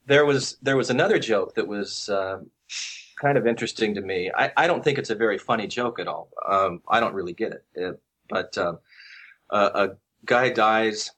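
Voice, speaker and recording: A man speaks in a slightly low voice, chatting casually as a guest. He tells his stories in a relaxed, unhurried way, often stopping to restart a phrase. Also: slightly rough. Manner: relaxed, halting with frequent restarts and fillers. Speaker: guest researcher. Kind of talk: casual storytelling conversation.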